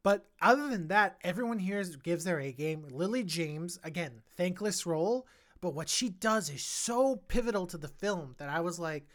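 Guy on a film podcast, excited, keeps doing little quote voices, gets worked up about the movie. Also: high voice. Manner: animated, acts out characters' thoughts in quick quotes; emotional and earnest about the film. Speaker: podcast co-host. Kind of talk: casual film review chat.

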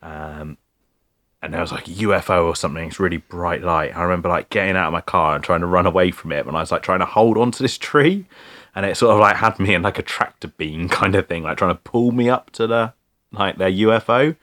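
A man telling a story in casual chat, rambling and filling every pause with "like" and "mate". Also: low-pitched, a bit bright. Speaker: podcast co-host telling a story.

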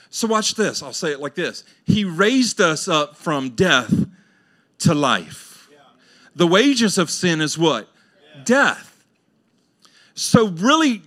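A middle-aged man preaches a sermon in a church, his voice pitched high and ringing bright. He talks in a loose, colloquial way, acting out listeners' voices. He swings from loud, soaring exclamations down to quiet, low asides. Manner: colloquial, acts out listeners' voices, laughs often. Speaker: pastor. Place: church sanctuary.

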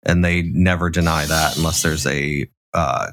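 A man's voice: rumbling low, fairly even intonation, moderate pace, noisy background. A man co-hosting a casual chat podcast, laid-back, swearing freely and laughing often. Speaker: podcast co-host.

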